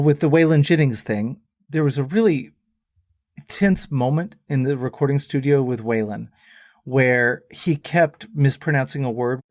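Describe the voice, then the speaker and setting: Musician guest, male, mid-pitched and dry-miked, spins profane anecdotes casually. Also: no room sound. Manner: lively anecdotes, swearing. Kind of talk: casual storytelling.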